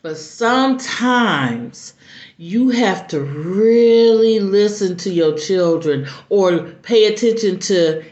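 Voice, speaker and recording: A middle-aged mother telling a personal story in an earnest, halting way with many restarts. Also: lowish voice, darkish tone. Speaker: mother sharing advice. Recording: roomy, dull lo-fi recording.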